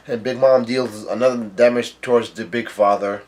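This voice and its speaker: Man, mid-pitched voice, casual online recap, halting delivery, stalls and restarts. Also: fairly even intonation. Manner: halting, hesitant reading with frequent stalls. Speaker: manga reaction YouTuber. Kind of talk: casual chapter recap and commentary.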